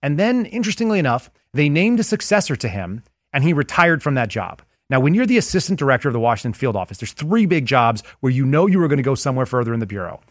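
A man's voice: medium pitch, big pitch swings, fast, few pauses, no room sound, studio quality. A man who is a former federal agent, a guest in a casual interview, explaining things with anecdotes and analogies.

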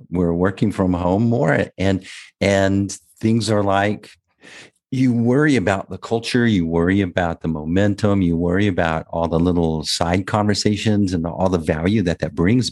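A man with a notably deep voice hosts a casual podcast conversation. He speaks in halting bursts, restarting sentences and doubling words as he feels his way forward. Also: a little mellow. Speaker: podcast host and business owner.

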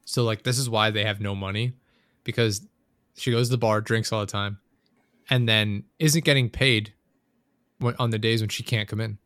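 A man's voice: fairly low pitch, steady tone, moderate pace, pauses often, a bit bright, dry recording, clean studio sound. A man in casual chat, rambling and swearing as he vents about a coworker. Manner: profane, venting, rambling storyteller.

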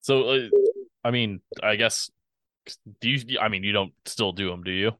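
A man's voice: lowish voice, moderate pace, bright, forceful tone, no room sound. A man co-hosting a podcast, joking and teasing casually. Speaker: podcast co-host.

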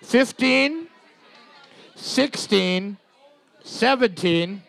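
Slow, gravelly high-voiced man. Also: expressive, fairly bright tone, some chatter behind. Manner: teasing, crude jokes. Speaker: trivia co-host. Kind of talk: bar trivia banter.

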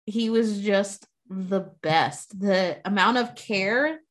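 A woman's voice: mid-range voice, takes it slowly. A woman co-hosting a casual podcast who talks enthusiastically about a movie and swears for emphasis. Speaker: podcast co-host.

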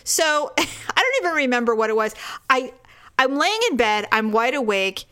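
High-voiced woman rambling through a story. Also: sing-song, normal speed, sharp tone. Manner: rambling storytelling with frequent laughs. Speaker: podcast co-host. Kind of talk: casual chat.

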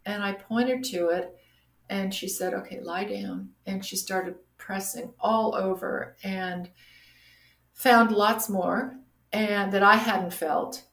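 Middle-aged woman, guest storyteller, animated delivery, echoey room, mid-pitched voice. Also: slow. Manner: animated, acts out quoted voices. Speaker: guest sharing her story. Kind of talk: casual personal storytelling. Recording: roomy echo.

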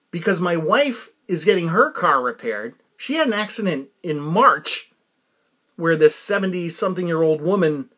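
A male podcast host telling stories in a loose, rambling monologue. His voice is fairly high for a man and swings up and down a lot. He laughs at his own jokes. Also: bright, forceful tone. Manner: rambling, laughs often, self-amused. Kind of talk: casual comic monologue.

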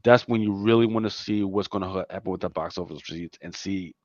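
A man from Philadelphia talks loosely and emphatically in a casual podcast chat. His voice sits on the low side, recorded dry with a somewhat dull, lo-fi sound. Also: quick pace, a little mellow, no echo. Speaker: podcast co-host.

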